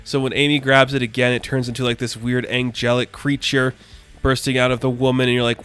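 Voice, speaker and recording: A man's voice: medium pitch, level tone, brisk, a bit bright, smooth. A man giving a casual, enthusiastic spoken review of a comic book, rambling with lots of filler words.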